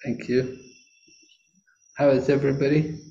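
A British man, a spiritual teacher, giving brief, kindly replies in a relaxed question-and-answer session. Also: mid-range voice, measured pace, vocal fry, highs cut off, slight background noise. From Britain. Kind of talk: relaxed Q&A after a class. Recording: echoey room.

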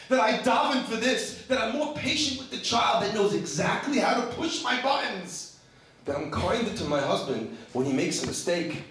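A rabbi preaching to a women's group, emphatic and full of rhetorical questions and stories. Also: male voice, sits high, a bit bright. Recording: very echoey room, distant mic, faint noise.

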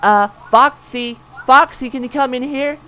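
A woman's voice: sits high, measured pace, pushed and bright, slight background noise. A woman doing a chirpy little boy animatronic. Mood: cheerful.

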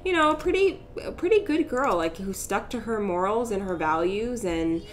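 A woman's voice: a little high, animated, a little hiss or hum. A young woman casually commentating a life-simulation game as host, chatty and giggly, narrating her characters' drama. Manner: chatty, giggly, voices characters in quick asides. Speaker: let's play host.

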